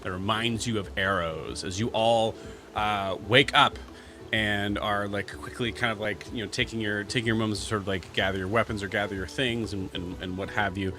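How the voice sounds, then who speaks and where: Male game master, bright edge to the voice, rambling narration full of ums. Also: fairly low pitch, steady tone. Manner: halting, many fillers and restarts.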